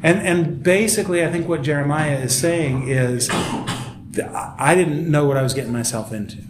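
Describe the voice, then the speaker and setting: A man's voice: a little high, normal speed, noisy background. A man leading a Bible study class in a church room, teaching casually and acting out quotes with laughs. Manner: animated, laughs often, acts out quotes. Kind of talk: casual teaching in a group discussion. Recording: echoey room recording with group chatter.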